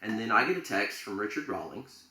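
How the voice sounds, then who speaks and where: A man's voice: lowish voice, sing-song, brisk, pushed and bright, roomy sound, rough recording. A man co-hosting a podcast, telling a story in a rambling, jokey way with plenty of fillers. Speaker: podcast co-host. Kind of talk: casual chat.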